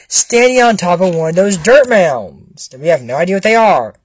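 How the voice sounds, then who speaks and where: A young speaker recaps a cartoon's plot in an excitable, joking way, jumping between narration and quick imitations of the characters. The voice bounces widely in pitch, and the recording is close and dry with no room sound. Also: slightly rough, dry recording. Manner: excitable, mixes narration with put-on voices and jokey asides. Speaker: vlogger retelling a cartoon episode. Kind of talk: animated casual retelling.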